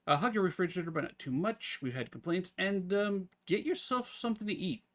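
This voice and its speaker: A man streaming live, talking casually and at length with his viewers in a relaxed, rambling way. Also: high-pitched, fairly quick.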